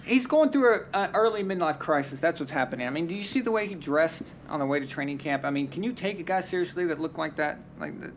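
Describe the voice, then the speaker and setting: Fired-up opinionated man, high voice. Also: expressive, fast, few pauses, a little hiss or hum. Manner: opinionated, heated, restarts often. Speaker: sports talk show host. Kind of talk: casual live-stream sports chat.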